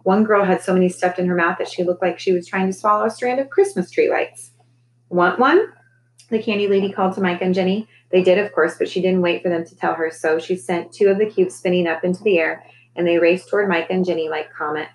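Low-voiced woman reading a storybook aloud. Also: steady tone, fast talker, low-quality recording. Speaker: teacher reading to a class. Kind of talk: reading a children's novel aloud.

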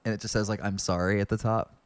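A man co-hosting a podcast, casually reading fan fiction aloud in a deadpan way with wry asides. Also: on the low side, rapid-fire, dry recording. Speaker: podcast co-host.

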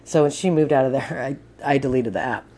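A woman's voice: a bass voice, brisk, warm tone. A young woman telling a rambling, profane story in a casual spoken letter.

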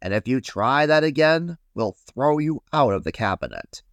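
A man voicing a boastful, bossy big paintbrush in a storybook, sneering and loud. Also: mid-range voice, lively intonation, normal speed, dry recording, pitched above the performer's own voice, close to an everyday voice. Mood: threatening.

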